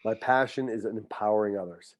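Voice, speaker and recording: A man's voice: on the low side, a little fast, no room sound. Heartfelt middle-aged man, coach. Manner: heartfelt, faith-filled, repeats words when moved. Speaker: high school football coach and teacher. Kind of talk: emotional podcast interview.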